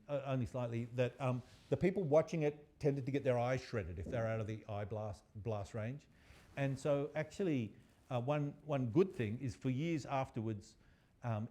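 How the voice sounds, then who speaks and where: A male university lecturer telling a story in a lively, chatty way. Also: medium pitch.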